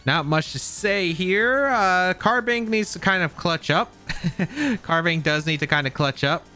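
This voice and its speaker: A man narrates his competitive match as it happens, weighing each move aloud and doubting his choices. His voice is bright and lively, swinging up and down in pitch. Faint music plays underneath. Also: measured pace. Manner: thinks aloud, second-guessing plays. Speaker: competitive game player. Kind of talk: live gameplay commentary.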